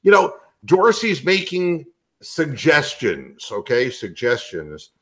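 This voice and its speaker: A man's voice: on the high side, wildly swooping pitch, slow. A man hosting a casual sports talk show who jokes and rambles, often stammering on his words. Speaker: podcast host.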